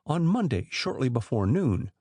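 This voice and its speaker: A man reading a curt, guarded gentleman. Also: mid-range voice, very animated, normal speed, no room sound. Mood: defensive. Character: defensive, cool gentleman under questioning.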